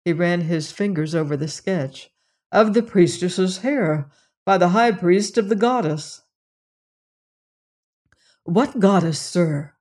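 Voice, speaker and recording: A narrator reading a classic mystery novel aloud in measured, dramatic storytelling. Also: medium pitch, a little mellow. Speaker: audiobook narrator. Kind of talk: scripted narration.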